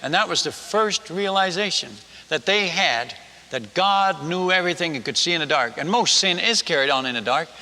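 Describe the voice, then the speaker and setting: A man preaching a sermon as an animated storyteller, with folksy asides and restarts. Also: a little high, normal speed. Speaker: preacher and former missionary. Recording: long reverb of a large hall.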